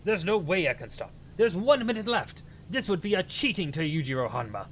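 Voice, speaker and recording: Man putting on an exaggerated British accent, pompous posh gentleman, theatrical, slightly high, animated pitch. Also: a little hiss or hum. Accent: put-on exaggerated British. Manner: pompous, theatrical, drawn-out "quite, quite". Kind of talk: comic impression on a livestream.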